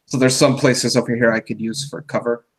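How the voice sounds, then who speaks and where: A man chats casually as a player at a tabletop game, throwing in quick jokes. His voice is a little husky and sits at a middle pitch. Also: level tone, poor audio.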